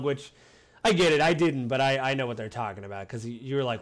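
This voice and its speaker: A man co-hosting a casual film chat, animated and playfully acting out quoted lines. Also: medium pitch, fast talker. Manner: animated, acts out quoted lines in funny voices. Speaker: podcast co-host discussing a film.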